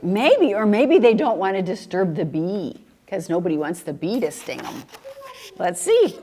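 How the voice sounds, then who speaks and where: A woman's voice: medium pitch, big pitch swings, measured pace, warm tone. A woman reading picture books aloud to a group of young children, playful and sing-song, asking them questions and laughing often. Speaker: children's story time reader.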